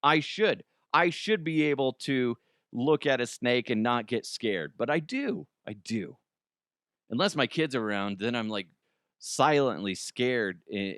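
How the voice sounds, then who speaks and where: A man's voice: medium pitch, fairly bright tone, clean tone, no echo, clean studio sound. An American man in his thirties hosting a comedy news show, chatting casually, swearing and laughing at his own jokes. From United States.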